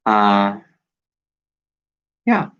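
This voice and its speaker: A man recording a personal video journal, talking in a reflective, halting way with many pauses and fillers. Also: lowish voice, big pitch swings, a bit bright, clear, resonant tone. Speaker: video diarist. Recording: dull lo-fi recording.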